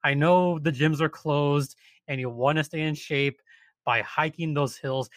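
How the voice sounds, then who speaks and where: Man, casual storyteller, higher-pitched, lively retelling with voiced quotes, dry close sound. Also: a little slow, no echo.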